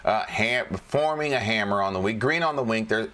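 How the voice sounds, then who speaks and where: A man's voice: lowish voice, fairly quick, pushed and bright. A man casually walking through stock charts, chatty and repetitive, joking to himself as he goes. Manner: chatty, repeats phrases, laughs and jokes to himself. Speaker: trading educator. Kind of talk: casual screen-share chart walkthrough.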